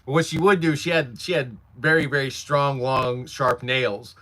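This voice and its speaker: Bright-voiced man chatting on a livestream. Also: mid-range voice, fairly even intonation, moderate pace. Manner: rambling storyteller, laughs often, reads chat aloud. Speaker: livestream host. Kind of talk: casual livestream chat. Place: workshop.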